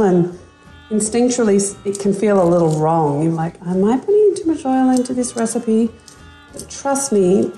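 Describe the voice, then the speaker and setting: A woman's voice: medium pitch, gravelly. A woman with an Australian accent, chatting casually while cooking in a home kitchen. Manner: relaxed, chatty, with fillers. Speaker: cookbook author and home cook.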